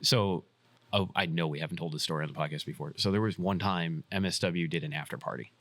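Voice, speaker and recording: A man's voice: sits low, fast talker, a bit bright, no room sound. A man co-hosting a podcast, telling a story in casual chat with swearing and laughs, acting out what people said. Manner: swearing, laughing storyteller who acts out quotes. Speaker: podcast co-host.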